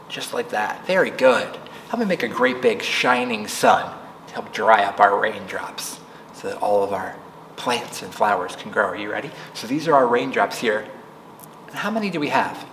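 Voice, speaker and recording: A man's voice: medium pitch, a bit bright. Sing-song man leading children's storytime. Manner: sing-song, coaxing, asks children questions. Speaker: children's librarian. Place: library room. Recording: echoey room, long reverb, faint noise.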